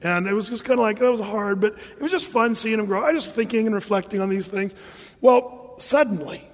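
A middle-aged man preaching a sermon in a church, telling stories in an animated way with loud bursts. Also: high voice, brisk. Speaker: pastor. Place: church hall. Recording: church hall reverb.

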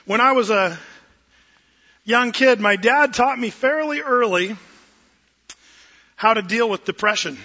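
A man preaching a sermon as a pastor, telling a folksy story with gentle self-deprecating humor. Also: very high-pitched, a little slow, long pauses. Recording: dull lo-fi sound with long hall reverb.

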